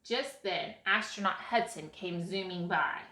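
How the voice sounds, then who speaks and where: A woman reading a children's picture book aloud in an expressive way as storyteller. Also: fairly low pitch. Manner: expressive, slow read-aloud. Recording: echoey room.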